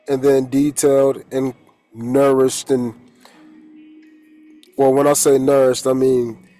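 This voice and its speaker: Man, high voice, holistic coach, rambling casual spiritual talk, swears, faint music underneath. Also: a little mellow, low-quality recording.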